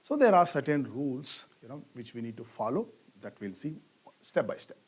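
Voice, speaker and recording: Here a middle-aged man from India speaks at a medium pitch, very animated, at a moderate pace and with a breathy edge. Leaning hard on important words, he runs a grammar class by posing questions and supplying the answers himself.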